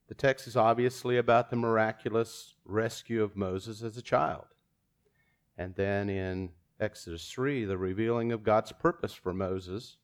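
Chuckling, self-deprecating male preacher. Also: lowish voice. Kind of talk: sermon.

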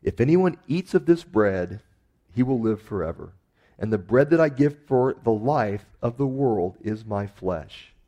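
A male pastor delivers a sermon in a relaxed, conversational way. His voice is mellow and dark, and his pitch sits in the middle. He lifts and presses on key phrases for emphasis. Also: measured pace, highs cut off. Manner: conversational preaching with emphatic rises.

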